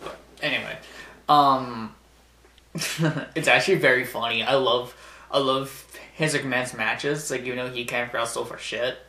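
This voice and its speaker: A man's voice: mid-range voice, fairly even intonation, a little slow, sharp tone. A young man casually recapping a wrestling show, rambling, laughing often and acting out the wrestlers' lines. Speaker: wrestling vlogger. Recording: echoey room.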